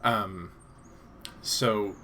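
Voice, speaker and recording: A man's voice: fairly low pitch, fairly even intonation, drawn-out words, pushed and bright, a little hiss or hum. A man from Canada chatting casually on a live stream, rambling and hesitant with frequent ums and restarts.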